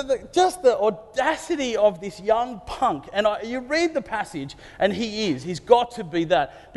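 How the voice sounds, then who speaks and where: A man preaching a sermon, retelling a story with playful asides. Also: high voice. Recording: long hall reverb.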